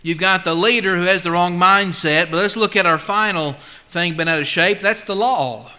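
A male preacher with a high, bright, forceful voice delivering a sermon. He leans hard on his points, drops to near-quiet asides, then swells back up. His scripture readings come slow and measured. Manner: emphatic, swings between loud and hushed; reads scripture slowly and deliberately.

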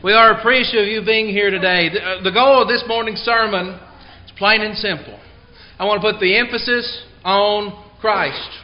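High-voiced preacher, emphatic, lo-fi. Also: male voice, normal speed. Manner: emphatic, stresses key words; tells a joke before the lesson. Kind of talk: sermon.

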